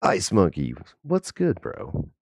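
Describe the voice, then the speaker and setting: A man's voice: low voice, wildly swooping pitch, slow pace, no echo. A man livestreaming on a headset mic, chatting in a rambling, profane, jokey way. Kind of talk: casual live-stream chat.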